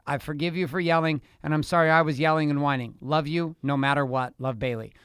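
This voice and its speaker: A man's voice: a little high, sharp tone, clean tone, no echo, studio quality. A middle-aged man co-hosting a casual couples podcast, speaking directly and coaching the men listening. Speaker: podcast co-host.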